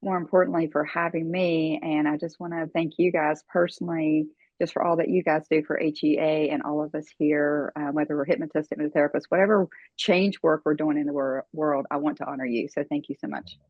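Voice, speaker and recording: An older woman as an interview guest, telling her story earnestly, with many fillers and pauses. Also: low-pitched, little pitch movement, dry recording, lo-fi sound. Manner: earnest, emotional, halting with fillers.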